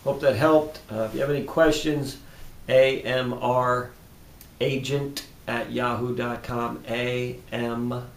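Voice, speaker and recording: A man who practices tapping therapy, speaking calm, repetitive self-affirmations that often drop to a hushed tone, then explaining his method. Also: slow pace, creaky. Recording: roomy echo with faint rumble.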